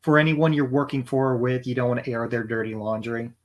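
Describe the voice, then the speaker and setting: Deadpan man co-hosting. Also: medium pitch, dull audio. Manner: dry, deadpan, measured. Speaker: podcast co-host. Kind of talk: casual chat.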